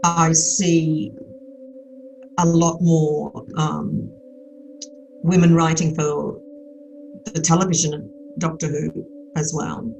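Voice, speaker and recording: Older woman, Australian accent, cheeky, frank, low-ish pitch, faint music behind. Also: little pitch movement, takes it slowly, creaky, pauses often, darkish tone, lo-fi sound. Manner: cheeky, frank, rambling with restarts. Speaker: actress and podcast guest. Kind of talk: casual interview chat.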